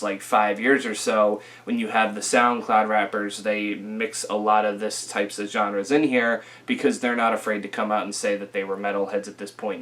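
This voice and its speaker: A young man giving a casual, rambling album review, full of fillers and restarts, a little rough from a recent illness. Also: lowish voice. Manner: rambling, filler-heavy, self-correcting. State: recovering from illness, occasional coughing.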